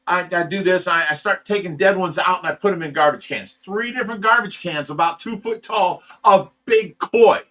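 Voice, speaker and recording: This is a fish rescue owner, running on little sleep, recounting something on a livestream. He speaks in a high, slightly bright voice at a moderate pace with few pauses, and he gets heated and profane, stammering on repeated words.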